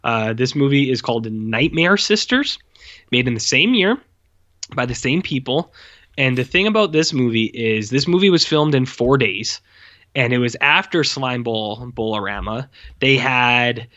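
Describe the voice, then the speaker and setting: A man's voice: medium pitch, expressive, moderate pace, pushed and bright, highs cut off. A man co-hosting a podcast, recapping a movie in loose casual chat full of fillers. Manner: rambling, loose, lots of fillers. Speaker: podcast co-host.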